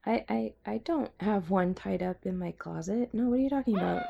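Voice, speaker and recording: A young woman co-hosting a casual podcast, goofy and jokey, tossing out quick silly asides. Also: medium pitch, creaky, highs cut off. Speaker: podcast co-host. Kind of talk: casual comedic podcast chat.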